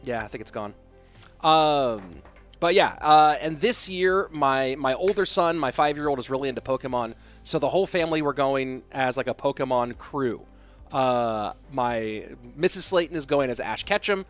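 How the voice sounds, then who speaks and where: A man's voice: mid-range voice, lively intonation, normal speed, fairly bright tone, faint music behind. A man in his thirties casting esports, chatting casually and thinking aloud as he answers viewer questions. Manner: loose and conversational, thinking aloud. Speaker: esports caster. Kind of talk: casual stream chat reading viewer questions.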